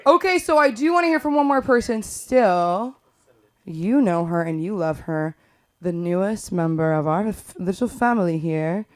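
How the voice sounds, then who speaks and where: A woman emceeing an open mic in a small comedy club, teasing the crowd quickly. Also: mid-range voice, lively intonation.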